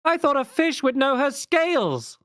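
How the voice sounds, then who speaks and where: Man doing a shrill mocking carnival heckler. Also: very animated, moderate pace, fairly bright tone, no room sound, studio quality, exaggerated voice. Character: shapeshifting heckler, mocking and sly.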